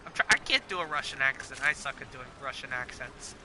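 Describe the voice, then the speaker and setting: A man's voice: medium pitch, animated, takes it slowly, long pauses. A teenage boy giving live gameplay commentary, rambling and making crude jokes with frequent giggles. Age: teens. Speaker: gaming streamer. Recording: loud game music behind voice.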